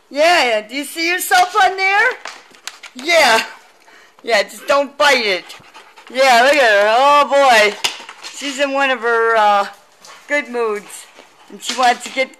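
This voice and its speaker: A woman's voice: sits high, expressive, slow pace, pauses often, bright, forceful tone, a little hiss or hum. A woman filming her dog on a handheld tablet at home by a window, calling to it in a sing-song, coaxing baby-talk voice. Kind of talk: casual home video talking to a dog. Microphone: tablet held in hand.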